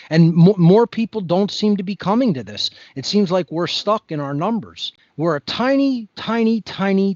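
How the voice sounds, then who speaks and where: A man's voice: high voice, no room sound, muffled recording. A man speaking as a podcast guest in an impassioned monologue, blunt, preachy and emphatic.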